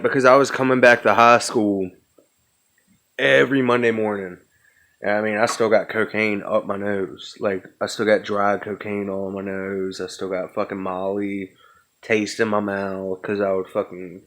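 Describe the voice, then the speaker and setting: Slow-talking, rambling podcast host. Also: male voice, lowish voice, a bit bright. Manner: rambling and profane. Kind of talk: casual stoned storytelling.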